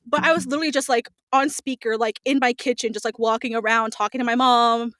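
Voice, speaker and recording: A woman with a somewhat high voice talks casually as a guest in an interview, quick to act out little quoted voices and laugh along. The sound is close and dry, with no room around it. She comes across animated and expressive. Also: dry recording. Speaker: voice actor guest.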